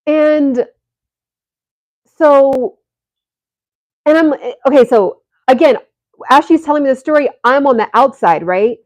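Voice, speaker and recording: A woman's voice: high voice, measured pace, long pauses, a little mellow, dry recording. A woman vlogger telling a story to her viewers in a casual, rambling way, full of fillers and restarts.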